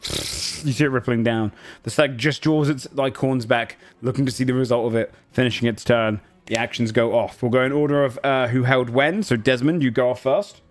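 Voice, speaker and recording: A man's voice: medium pitch, steady tone. Man running a tabletop game. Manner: brisk, rules-focused calls. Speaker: game master.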